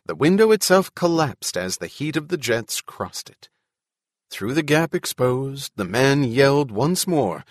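A man narrates an audiobook in a steady, measured way. His voice sits at a middle pitch and sounds dry and close, with no room echo.

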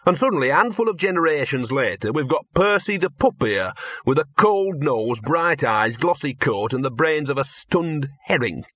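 A scruffy streetwise talking dog from a storybook, put on by a male narrator, with a husky, drawling, sardonic working-class way of talking. He sounds dry and close, his grumbling voice raised a little above the narrator's own. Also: a little high, sing-song, moderate pace, fairly bright tone, no echo, lo-fi sound, pitched above the performer's own voice. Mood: musing.

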